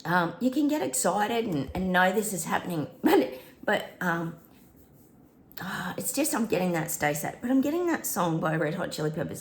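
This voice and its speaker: A woman's voice: fairly low pitch, big pitch swings, moderate pace, reverberant. A woman hosting a psychic prediction channel, chatting casually to viewers, breaking into bits of song and laughing often.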